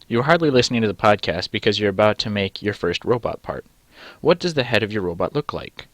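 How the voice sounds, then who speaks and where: A man's voice: lowish voice, animated, brisk, a bit bright, no echo. A man reading a text adventure game aloud and adding dry, sarcastic asides. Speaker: let's play gamer.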